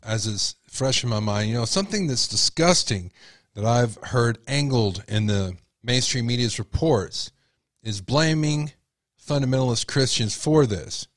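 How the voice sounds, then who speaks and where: A man's voice: medium pitch, lively intonation, a little slow, dry recording. Blunt man giving dry commentary. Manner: blunt, opinionated. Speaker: commentary host. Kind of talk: casual opinionated commentary.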